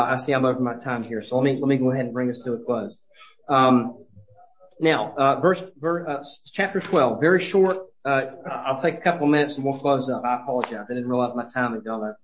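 A male pastor preaching a sermon with earnest conviction. He often restarts his phrases, then builds to emphatic peaks. The sound is roomy and a little dull, like a church recording. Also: on the high side.

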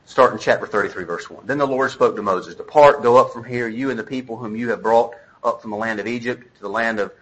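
A man's voice: mid-range voice, quick pace, few pauses, fairly bright tone, husky, low-quality recording. A man preaching a sermon, reading scripture and paraphrasing it in conversational, acted-out dialogue. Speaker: pastor.

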